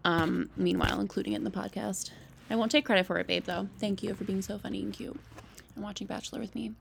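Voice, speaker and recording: Young woman podcast host, casual chatty recap, heavy vocal fry. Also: mid-range voice, quick pace, a little hiss or hum. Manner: chatty, lots of "like" and "um", animated asides. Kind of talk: casual solo recap chat.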